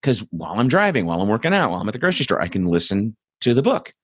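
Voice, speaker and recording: Blunt, low-voiced man ranting. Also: very animated, rapid-fire, a bit bright, slightly rough, dry recording, clean studio sound. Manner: blunt, profane, rambling with asides and mocking quotes. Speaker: host. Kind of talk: political commentary monologue.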